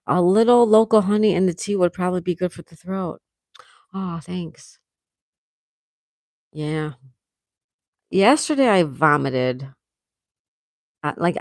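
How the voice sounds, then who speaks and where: This woman, hosting a casual morning livestream with a sore throat, reads the chat aloud, talks with viewers and laughs frequently. Her voice is lowish and darkish, and the recording is dry and of studio quality.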